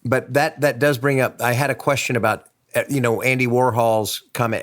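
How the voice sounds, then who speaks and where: A man's voice: mid-range voice, fairly even intonation, normal speed, a bit bright. A man co-hosting a casual podcast, joking around and firing off playful questions. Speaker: podcast co-host.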